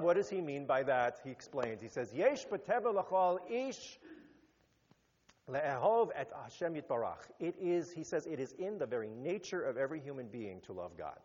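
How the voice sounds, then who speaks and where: Animated man preaching in an echoing hall. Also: normal speed, breathy edge. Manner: animated, rising to emphatic peaks then dropping low. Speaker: rabbi. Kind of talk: sermon. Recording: muffled sound with long hall reverb.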